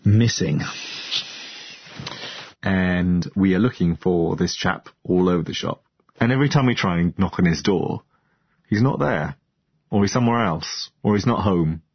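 A man's voice: sits low, husky, no room sound, dull audio. A man lawyer speaking in an informal, chatty way during an interview. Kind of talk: interview, casual explanation.

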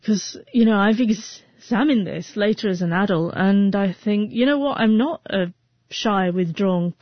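A woman who stutters tells her personal story as an interview guest, repeating sounds and restarting often. Her voice is mid-range, with no echo and the highs cut off.

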